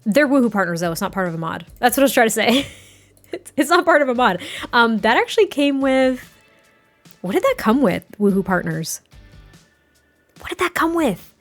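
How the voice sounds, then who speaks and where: A woman's voice: fairly high pitch, very animated, normal speed, pauses often, soft background music. A young woman gaming creator giving casual, rambling commentary, chatty and giggly with lots of fillers.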